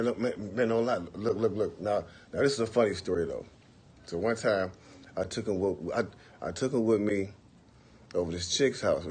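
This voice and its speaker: With a lowish, slightly mellow voice and a bit of background noise, this livestream host casually tells stories to viewers over his phone. He's relaxed and profane, leaning on "for real" and "you know what I'm saying."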